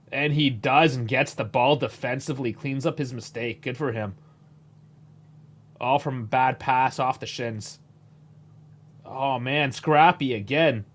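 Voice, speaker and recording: Laid-back man reacting live. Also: medium pitch. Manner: chatty, laid-back, frequent chuckles, casual swearing. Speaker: host. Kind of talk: casual live match reaction commentary.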